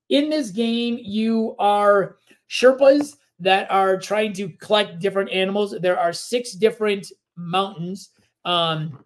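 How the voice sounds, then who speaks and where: A man co-hosting a casual board game podcast, explaining rules in a relaxed, rambling way with plenty of fillers. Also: high-pitched. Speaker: podcast co-host.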